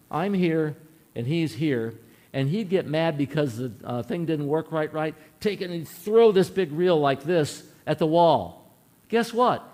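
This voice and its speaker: A man with a high, slightly mellow voice preaches a sermon in an earnest, folksy manner, sharing a personal story and posing questions to his listeners.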